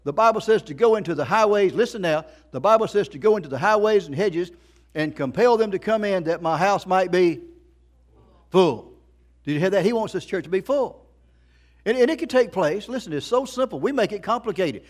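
A man's voice: high voice, animated, a little fast. A middle-aged man preaching a sermon as a pastor, emphatic, repeating phrases and asking the congregation rhetorical questions.

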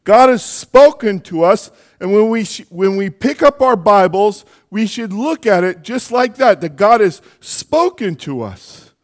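Guy with a high voice giving a chatty sermon at church, goes off on little asides. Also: animated, a little slow, hardly any pauses. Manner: conversational, with asides and self-corrections. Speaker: preacher.

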